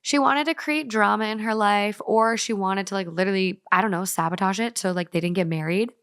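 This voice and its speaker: A woman's voice: medium pitch, fairly bright tone, smooth, dry recording, clean studio sound. Woman co-host reading a story aloud. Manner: chatty, playful, reads in a brisk storytelling way. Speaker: podcast co-host.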